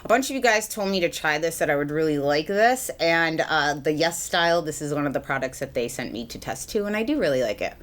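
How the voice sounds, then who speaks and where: Chatty low-voiced woman doing her makeup. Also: expressive, a little fast, hardly any pauses. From United States. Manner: chatty, rambling, with fillers and self-deprecating laughs. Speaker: beauty vlogger. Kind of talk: chatty get-ready-with-me vlog. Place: home, at a mirror, indoors.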